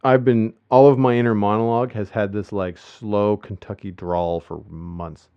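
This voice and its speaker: A man's voice: on the low side, fairly even intonation, moderate pace, clean tone, no room sound. Rambling podcast man, muffled audio. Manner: rambling, with many restarts and fillers. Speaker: podcast host. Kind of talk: casual podcast chat.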